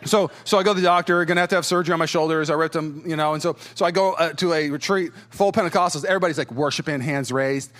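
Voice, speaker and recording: Animated pastor, slightly high voice. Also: male voice, fast talker, few pauses. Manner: animated, acts out quotes in voices; chuckles as he talks. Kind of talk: storytelling sermon.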